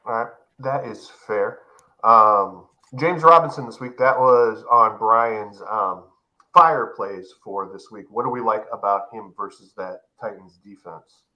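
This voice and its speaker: A man hosting a casual fantasy football podcast over a remote call, steering the talk with quick wit. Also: on the low side, dull audio.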